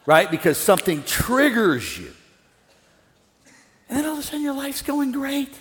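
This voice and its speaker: Middle-aged pastor preaching in an echoing hall. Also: male voice, extremely high pitch, moderate pace. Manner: animated, swinging from loud excitement to hushed calm. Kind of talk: sermon. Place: large church hall with an audience. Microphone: wireless stage mic. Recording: long hall reverb.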